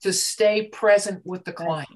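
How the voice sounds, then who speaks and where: A woman facilitating a coaching group discussion, speaking in a measured, reflective way. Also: medium pitch, a little mellow, poor audio.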